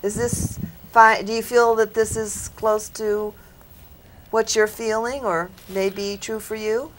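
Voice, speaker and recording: A woman's voice: fairly high pitch, steady tone, slow pace. A woman psychic on a studio panel, giving an earnest, reflective reading to an audience member and checking that it makes sense.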